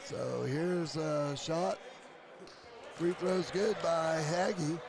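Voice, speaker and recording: High-voiced male color commentator, crowd behind. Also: extremely slow, creaky. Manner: loud, emphatic analysis with filler "I mean". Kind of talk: live basketball commentary. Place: community center gym.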